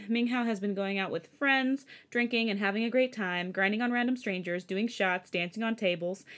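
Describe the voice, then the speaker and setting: A woman podcast host reading fan fiction aloud, breaking off for chatty, giggly asides. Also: mid-range voice. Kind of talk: casual story reading.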